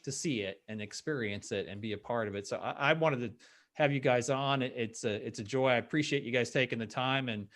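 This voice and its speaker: A man's voice: medium pitch, fairly quick, fairly bright tone. A middle-aged man hosting a live video panel, talking earnestly and casually like a devoted fan. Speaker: host. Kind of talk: casual panel chat, wrapping up the show. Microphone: video call.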